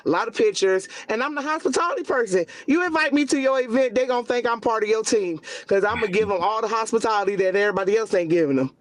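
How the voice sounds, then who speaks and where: A woman's voice: fast, few pauses, no room sound. A woman in her forties from Cleveland, a line dancer guest telling stories and acting out quotes in casual chat. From Cleveland, USA. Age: 40s. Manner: storytelling, acts out quotes with pitch jumps.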